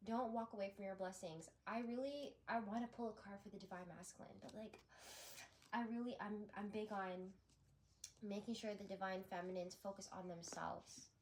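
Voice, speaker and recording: A woman's voice: mid-range voice, steady tone, moderate pace, darkish tone, slight background noise. A woman doing a spiritual tarot reading, talking in a rambling, effusive way with frequent restarts. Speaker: tarot reader.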